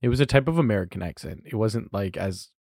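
Gravelly laid-back man, dry close mic. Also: on the low side, animated, fast talker, darkish tone, no echo. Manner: laid-back, swears, trails off mid-sentence. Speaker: podcast co-host. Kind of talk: casual chat.

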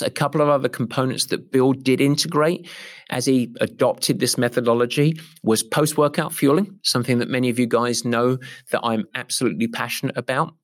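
A middle-aged man, an endurance coach, explaining a training approach with emphatic, repetitive enthusiasm. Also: mid-range voice. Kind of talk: podcast-style coaching explanation.

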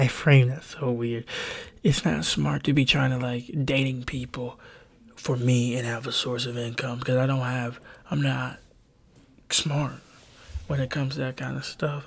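A man's voice: mid-range voice, gravelly. A young man hosting a solo podcast, talking hesitantly and openly, with many ums and restarts, close to a home microphone. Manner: rambling, hesitant, full of ums and self-corrections. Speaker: podcast host. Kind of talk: solo confessional podcast talk. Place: home bedroom. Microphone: close desk microphone.

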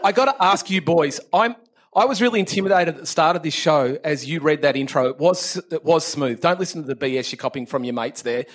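Australian man, high voice, joking podcast guest who teases the hosts with slang. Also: expressive, a little fast. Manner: playful, teasing, uses local slang. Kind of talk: casual chat.

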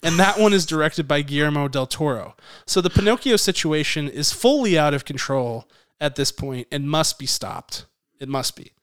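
A man co-hosting a casual podcast, his voice a touch high with a smooth, clear tone. He jokes and rants in a lively way, recorded close and dry with no room sound. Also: moderate pace, no echo. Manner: animated, joking, rant-prone. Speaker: podcast co-host.

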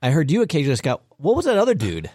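A man's voice: a little high, rapid-fire, slightly rough, no room sound, studio quality. A man co-hosting a podcast, joking around in casual chat. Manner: joking, animated. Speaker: podcast co-host.

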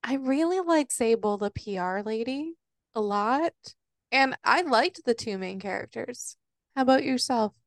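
A woman co-hosting a casual book club podcast, frank and quick to laugh. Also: fairly high pitch, lively intonation, dry recording, clean studio sound. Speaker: podcast co-host.

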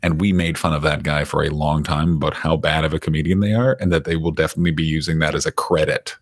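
A man's voice: extremely low pitch, steady tone, quick pace, husky. A man from Canada co-hosting a comedy podcast, teasing his friend and telling family stories. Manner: storytelling, teasing. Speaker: podcast co-host. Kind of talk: casual comedic chat.

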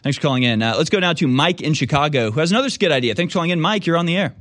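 A man's voice: fairly high pitch, lively intonation, fairly bright tone, dry recording. A man hosting a call-in talk show, riffing with callers in a loose, joking way. He often stops and restarts mid-sentence. The sound is close and dry, with no room around it. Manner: joking, quick riffs, trails off into restarts.

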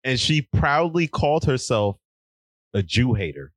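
Male host, animated storyteller, laughs easily, dry sound. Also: medium pitch, unhurried, no room sound. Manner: laughs a lot, storytelling with acted quotes. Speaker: podcast host. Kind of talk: casual comedic chat.

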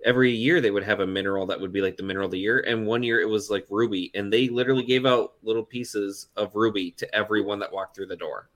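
A man co-hosting a podcast, telling a relaxed anecdote in casual chat. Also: lowish voice, fast, hardly any pauses.

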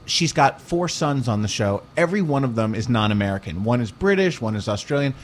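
A man hosting a podcast, asking questions and chatting in an animated way. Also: mid-range voice, brisk, slight background noise. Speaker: podcast host. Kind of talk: casual interview.

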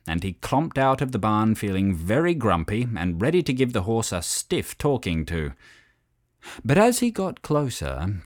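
A man narrating a children's story in an expressive, animated way. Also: sits low, no room sound, clean studio sound.

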